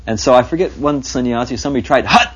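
A man's voice: mid-range voice, fairly even intonation, very fast, slightly rough, highs cut off. A man telling rambling, unsure anecdotes about his teacher in a reminiscing interview. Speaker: devotee recalling his teacher.

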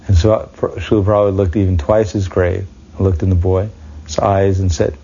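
A man's voice: low-pitched, flat delivery, brisk, mellow, husky. A man recounting memories as anecdotes, building each story steadily to its punchline. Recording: dull lo-fi recording.

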